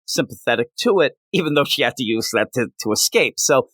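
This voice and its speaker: Male comics podcast host, bright and forceful, casual and jokey, dry sound. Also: mid-range voice, fairly quick, husky, no echo. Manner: animated, jokey, restarts a lot. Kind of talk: casual review chat.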